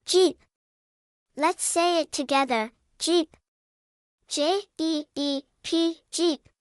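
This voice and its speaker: A woman narrating a scripted vocabulary lesson for young children, spelling words out slowly and adding playful sound words. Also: sits high, no room sound, clean studio sound. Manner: slow, even spelling-out with cheerful sound words. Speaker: vocabulary teacher.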